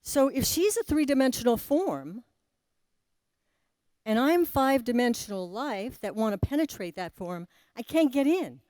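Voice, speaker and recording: A spiritual teacher, a woman, gives a talk to a live audience in a voice on the high side with lively intonation and no echo. She speaks slowly with frequent pauses, suddenly drops to a soft voice, and puts questions to her listeners.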